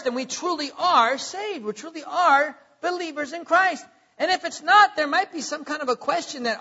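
High-voiced animated preacher man. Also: highs cut off. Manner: animated preacher, rhetorical questions, chuckles at himself. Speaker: pastor. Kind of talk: sermon.

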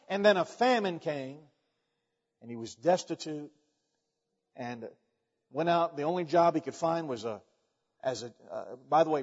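Folksy male preacher, higher-pitched voice, dull muffled recording in a big echoing hall. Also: darkish tone. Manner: folksy storytelling with frequent restarts. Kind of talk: sermon.

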